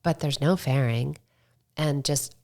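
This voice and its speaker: Low gravelly woman telling stories. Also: slow. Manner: animated storytelling, quotes herself. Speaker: podcast guest, filmmaker. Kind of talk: casual interview chat.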